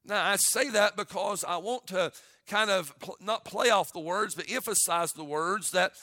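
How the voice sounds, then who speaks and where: A man's voice: high-pitched, moderate pace, bright, forceful tone, no room sound, studio quality. A middle-aged man, a pastor giving a radio sermon in an earnest, folksy manner with frequent "uh" fillers.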